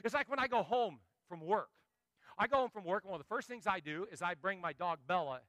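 A man preaching a sermon as pastor, telling animated stories and joking with the congregation. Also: high-pitched, a little fast, dry recording.

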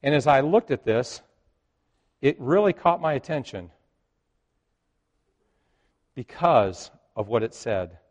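A male pastor telling a story in a sermon, swinging between loud and hushed and joking with the congregation. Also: mid-range voice, animated, slow, pauses often. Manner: jokes with the congregation.

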